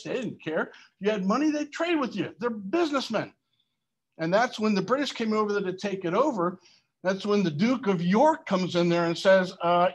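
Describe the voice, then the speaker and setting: Brief: lively male history teacher, higher-pitched voice, questions the class. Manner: animated, asks the class questions.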